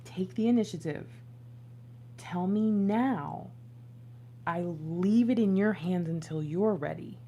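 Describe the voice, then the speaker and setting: An excitable woman giving a casual tarot reading, swinging from loud exclamations to hushed whispers. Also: fairly low pitch, takes it slowly, pauses often, muffled recording, slight background noise. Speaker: intuitive tarot reader.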